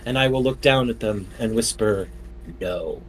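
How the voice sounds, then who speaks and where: A man's voice: medium pitch, fairly even intonation, fairly quick, voice pushed down, close to an everyday voice. A man putting on the voice of a grim, brooding male vigilante, delivering a theatrical mock-dramatic monologue on a casual podcast.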